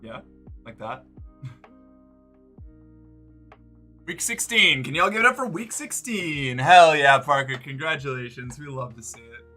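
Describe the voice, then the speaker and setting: A man's voice: a little high, lively intonation, measured pace, pauses often, bright, forceful tone, faint music behind. An American man chatting casually with viewers on a livestream, rambling with lots of fillers and swearing freely. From United States.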